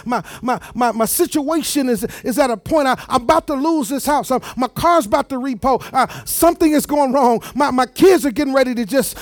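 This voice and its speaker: Male preacher, very high voice, emphatic and repetitive, dry close sound. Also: fairly quick, hardly any pauses, no room sound. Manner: emphatic, repeats words, talks straight to the congregation. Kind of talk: sermon.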